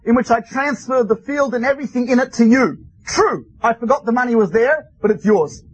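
A man's voice: very high-pitched, a little fast, husky, no echo, poor audio. A man voicing an honest seller who insists firmly. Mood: insistent.

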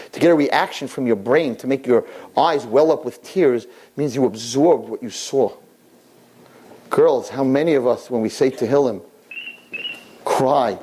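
A woman in her fifties giving a Torah class, animated, rhetorical and fast-talking. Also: very deep voice, breathy edge.

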